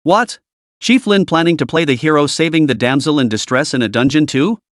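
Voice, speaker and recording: A man's voice: on the high side, brisk, no room sound, studio quality, natural voice. A man voicing a jealous, sneering young male student who taunts his rivals in a storybook recap. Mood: taunting. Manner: mocking, taunting.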